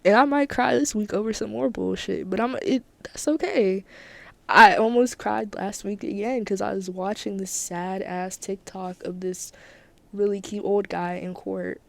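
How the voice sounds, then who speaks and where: A woman's voice: medium pitch, fairly even intonation, unhurried, creaky, no echo. A woman hosting her own podcast, talking candidly and emphatically in a casual solo monologue, often repeating herself for emphasis. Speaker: podcast host.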